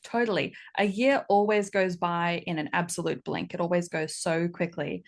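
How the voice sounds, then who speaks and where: A woman, a game studio co-founder, chatting in an interview and telling stories with lively acted-out quotes. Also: lowish voice, normal speed, vocal fry. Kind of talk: casual interview chat.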